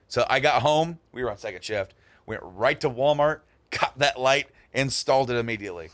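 Talking casually with friends, a man tells a story in a medium-pitched voice at a fairly quick clip, with no room sound. He's animated, acts out the other people in his tale, and often repeats words and restarts.

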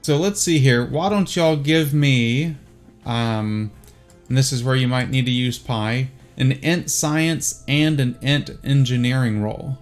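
A man with a Southern US accent runs a tabletop game in a laid-back, unhurried way, pausing often as he narrates. His voice sits in a middle range, with faint music playing behind him. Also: mid-range voice. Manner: relaxed and easygoing, full of "uh" and "um" pauses. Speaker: game master.

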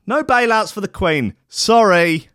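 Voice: medium pitch, slow pace. A speaker with a British accent delivering a crude, mocking comedic rant full of swearing. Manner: sweary, mocking, animated, with voices and outbursts. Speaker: comedic ranter.

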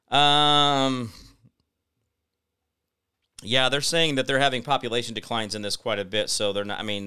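A man's voice: mid-range voice, sharp tone, clean tone. A middle-aged American man hosting a solo political commentary show, rambling with sarcastic, mock-innocent asides. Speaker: host.

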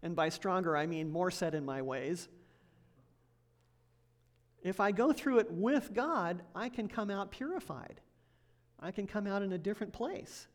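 Speaking from the pulpit, this woman, an associate pastor, keeps her sermon chatty, breaking into laughter and checking in with the congregation through questions. Her mid-range voice is expressive, and she moves at a measured pace with frequent pauses.

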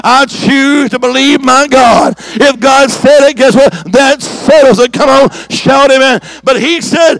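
High-pitched, fiery preaching evangelist man. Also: unhurried, hardly any pauses, dry recording. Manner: fiery preaching with shouts and call-and-response; rhythmic repeated declarations. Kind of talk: revival sermon. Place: church service.

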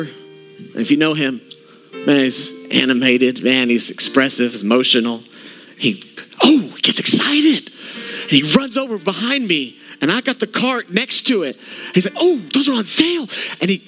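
A male pastor telling a funny, self-mocking story in a sermon, acting out what others said. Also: sits high. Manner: animated, self-mocking, acts out quotes. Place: church service.

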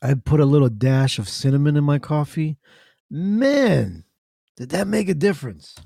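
A man hosting an internet radio talk show, chatting in a relaxed, conversational way. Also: on the high side, a little fast, creaky, no room sound, clean studio sound. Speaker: podcast host. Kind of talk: casual talk show chat.

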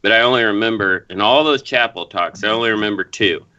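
A man with a fairly low but bright, forceful voice tells an animated anecdote, chuckling along. The audio is slightly dull and lo-fi. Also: fast talker, clear, resonant tone. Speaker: podcast co-host. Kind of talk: casual storytelling.

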